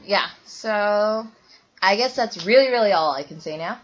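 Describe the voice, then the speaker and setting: A woman's voice: medium pitch, lively intonation, measured pace. A young woman vlogging casually to camera, rambling with lots of ums and likes. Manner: rambling, many ums and likes, bursts into loud squeals when retelling. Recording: dull lo-fi webcam audio.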